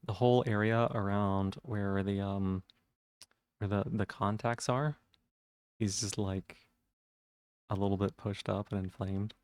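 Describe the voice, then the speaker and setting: A man's voice: fairly low pitch, steady tone, unhurried, pauses often, a little mellow, clear, resonant tone, dry recording. A man chatting casually on a live stream, rambling with lots of fillers and restarts.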